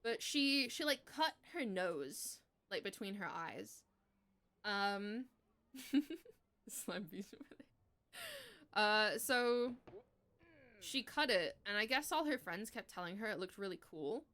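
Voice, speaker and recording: A woman in her twenties streaming live, telling a story in casual chat, animated, swearing freely and laughing as she goes. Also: mid-range voice, unhurried, a little hiss or hum.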